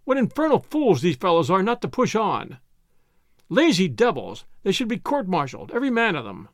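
A man's voice: high-pitched, huge pitch swings, moderate pace, no echo, clean studio sound, exaggerated voice. A man voicing a petulant, fussy man who complains and scolds.

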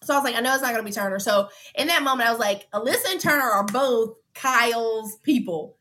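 A young woman telling a story in an interview, emphatic and animated, often acting out the dialogue. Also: a little high, fast, a little hiss or hum. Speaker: former reality show contestant.

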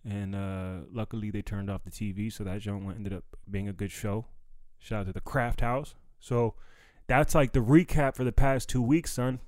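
A man's voice: fairly low pitch, fairly even intonation, normal speed, darkish tone, no room sound. Slangy young man, dry close mic. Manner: loose slangy street talk, lots of fillers and "you know what I mean". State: recovering from bronchitis. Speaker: stand-up comedian and podcast host. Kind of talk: casual solo podcast monologue.

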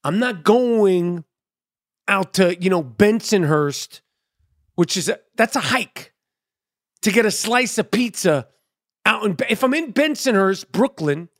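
A man's voice: high voice, animated, slow pace, long pauses, no room sound, clean studio sound. Profane, rambling New man. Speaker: podcast host. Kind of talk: casual monologue.

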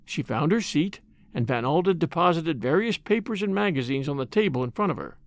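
Brief: male audiobook narrator, slightly high voice, measured and expressive, dry booth sound. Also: dry recording. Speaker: audiobook reader. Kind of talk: scripted narration.

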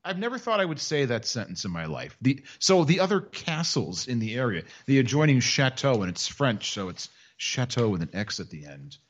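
Sarcastic man with lively up-and-down voice. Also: mid-range voice, moderate pace, hardly any pauses. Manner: sarcastic, mocking storytelling. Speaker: podcast co-host. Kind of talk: casual chat.

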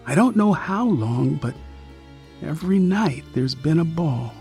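A weary young woman, as a male reader puts her on, lifted slightly above his own pitch. She speaks softly and low-key, resigned, in a slow storybook reading. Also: animated, creaky, faint music behind.

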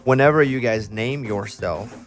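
A man's voice: medium pitch, moderate pace, faint music behind. A man hosting a podcast interview, talking in a candid, chatty way. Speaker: podcast host. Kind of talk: casual interview chat.

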